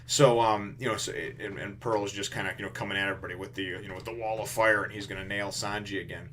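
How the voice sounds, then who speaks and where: A man's voice: lowish voice, fast, few pauses, sharp tone, slight background noise. A man reviewing a comic chapter in casual, rambling commentary, full of restarts and "you know".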